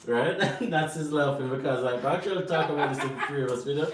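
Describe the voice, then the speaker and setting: A man's voice: on the high side, fast. A Jamaican man co-hosting a live Q&A, giving earnest advice to viewers and repeating points for emphasis. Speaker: co-host answering viewer questions. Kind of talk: live Q&A chat. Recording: roomy and distant from the mic, faint noise.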